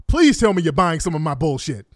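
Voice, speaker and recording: A man's voice: fairly high pitch, very animated, a little fast. A man putting on a mocking voice of a young man on trial, pleading with the room to believe him.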